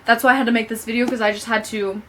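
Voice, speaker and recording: A woman's voice: fairly high pitch, little pitch movement, very fast, a little hiss or hum. A young woman chatting casually about a book she loved, gushing and saying "like" a lot. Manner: gushing, says "like" often. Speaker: book vlogger. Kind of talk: casual book review chat.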